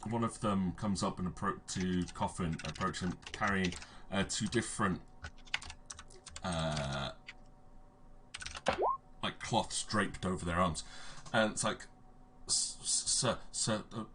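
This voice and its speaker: A man narrating as game master of a tabletop game, halting with fillers and restarts as he describes the scene. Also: sits low, noisy background. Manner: hesitant, many fillers and restarts. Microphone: home microphone on a stream.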